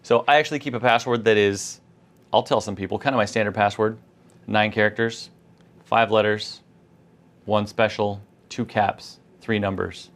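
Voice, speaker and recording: A man's voice: fairly low pitch, fairly even intonation, normal speed, a bit bright. A man co-hosting a conversational tech lesson, chatty and full of anecdotes and quoted asides. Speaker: co-host.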